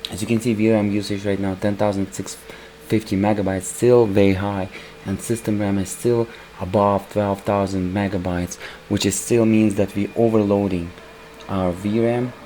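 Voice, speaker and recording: A man with a voice worn hoarse from recording, casually commenting over his gameplay as a PC gaming channel host and calling his viewers "guys". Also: lowish voice, flat delivery, normal speed, dark tone, slight background noise, poor audio. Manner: keeps calling the viewers "guys", rambling with restarts.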